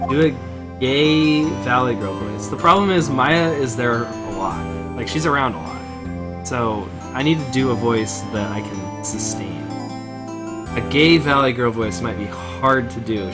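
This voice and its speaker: A man's voice: medium pitch, normal speed, over music. A man chatting casually while playing through a game, rambling with lots of fillers. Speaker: game streamer voicing all the characters. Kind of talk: casual chat over gameplay.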